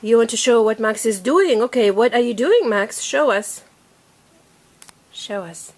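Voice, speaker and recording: A woman teaching her young child to read at home, patient and coaxing, sounding out letters slowly and repeating them. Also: fairly high pitch, expressive, a little mellow. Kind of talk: home reading lesson.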